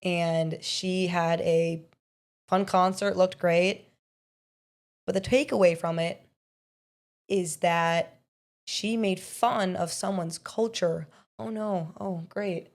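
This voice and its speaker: A young adult woman co-hosting a podcast, chatting casually and telling stories in an animated way. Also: lowish voice, slow, long pauses. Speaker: podcast co-host. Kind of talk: casual political podcast chat.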